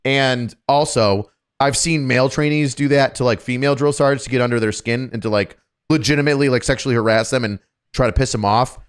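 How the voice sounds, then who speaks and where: A man telling stories on a casual podcast, profane and animated, acting out what people said. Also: mid-range voice, fairly quick, clear, resonant tone. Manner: profane, animated, acts out shouted quotes. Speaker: podcast co-host telling a story.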